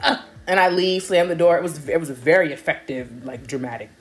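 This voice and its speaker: Low-pitched and fairly quick, a young woman chats casually while telling a story. She laughs often and brings quoted remarks to life in an animated way.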